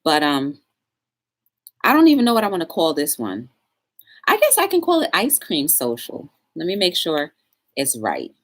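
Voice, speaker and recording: Lively chatty woman hosting a stream. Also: deep voice, moderate pace, pauses often. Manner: chatty, talks straight to viewers, reads quotes aloud with emphasis. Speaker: talk show host. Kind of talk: casual live-stream chat.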